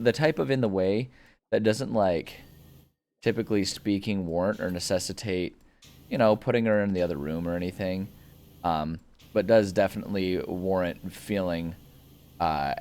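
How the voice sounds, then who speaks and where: A young man with a very low, deep speaking voice chats loosely over his gameplay, chuckling often and wandering from one tangent to the next. The delivery is unscripted and relaxed. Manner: rambling, chuckling, easily sidetracked. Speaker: gaming channel host. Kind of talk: casual let's-play commentary.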